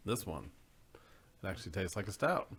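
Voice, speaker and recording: Low voice guy ribbing his buddies, slight background hiss. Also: sing-song, normal speed, a bit bright. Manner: teasing, laughs easily. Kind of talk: casual chat.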